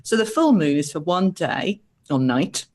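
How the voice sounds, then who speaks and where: A woman who works as a therapist, explaining spiritual ideas on a live show, animated and asking many questions. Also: lowish voice, measured pace. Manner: animated, acts out quoted voices, asks many questions. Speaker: therapist guest.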